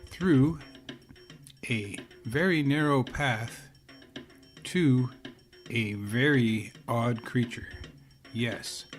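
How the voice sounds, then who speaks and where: A man doing a nature documentary narrator. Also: medium pitch. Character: male nature documentary narrator, calm and earnest.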